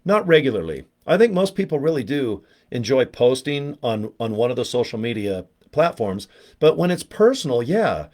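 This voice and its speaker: A man's voice: medium pitch, very animated, moderate pace, a little mellow. Guy rambling on his home livestream, jokey, teasing himself, talks to the chat by name. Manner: joking, rambling, self-mocking. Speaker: livestream host promoting products. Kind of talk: casual live chat.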